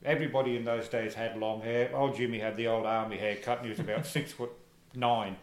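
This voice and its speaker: An older man with a relaxed Australian accent spins yarns about his playing days, pausing often on fillers. His voice sits at an ordinary pitch. The room has a noticeable echo. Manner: casual, anecdotal, halting with fillers. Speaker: interviewee, former soccer player. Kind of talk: oral history interview. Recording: echoey room.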